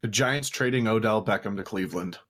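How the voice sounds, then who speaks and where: A man's voice: on the low side, a little fast, fairly bright tone. A man who plays pro football, chatting easily as a podcast guest and laughing often. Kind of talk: casual podcast chat. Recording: noisy line with clicks.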